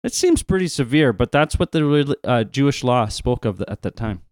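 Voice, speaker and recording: A man's voice: medium pitch, very animated, normal speed, darkish tone, dry recording, clean studio sound. A man co-presenting a retelling of a Bible story, talking casually with emphatic asides and restarts.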